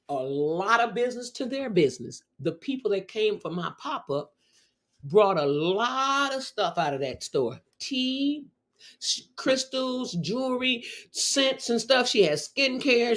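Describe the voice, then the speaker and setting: A middle-aged woman hosting her own show and chatting casually. She tells her story with exuberant exclamations. Her voice rises and falls across a wide, lively range. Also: mid-range voice, a little slow. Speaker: show host.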